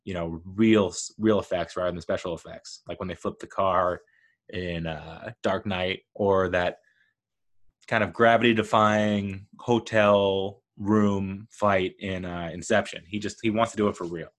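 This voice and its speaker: A man's voice: deep voice, fairly even intonation, unhurried. A man hosting a solo movie podcast, talking casually in a rambling, jokey way that keeps interrupting itself. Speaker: podcast host.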